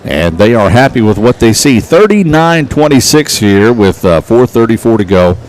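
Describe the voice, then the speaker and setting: A man calling local basketball play-by-play, getting excited and shouting on big plays. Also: on the low side, normal speed, a little hiss or hum. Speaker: play-by-play announcer.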